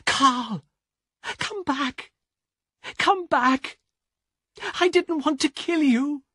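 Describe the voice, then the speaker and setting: A man voicing a frightened young woman in a storybook reading, crying out in a high, pleading voice. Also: takes it slowly, sharp tone, no room sound, clean studio sound, full character voice. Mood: desperate.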